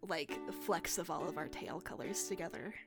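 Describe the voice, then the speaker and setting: Woman player, somewhat low voice, loose and hedging, faint guitar music under her. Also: moderate pace, gravelly. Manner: hedging, filler-heavy description. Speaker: tabletop game player. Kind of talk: casual tabletop role-play.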